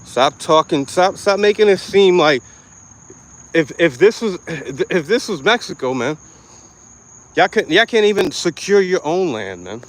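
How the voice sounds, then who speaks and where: A man's voice: sits high, very animated, measured pace. A young man from New York City giving a blunt, aggressive commentary full of profanity and street slang. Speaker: online commentator. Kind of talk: ranting commentary.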